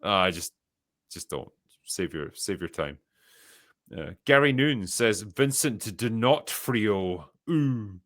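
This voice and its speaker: A Scottish man with a somewhat low voice hosts a casual podcast. He reads viewer messages aloud and answers them with dry, profane, sardonic quips. The sound is dry and close to the mic. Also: lively intonation, slow, fairly bright tone, no echo. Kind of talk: casual chat.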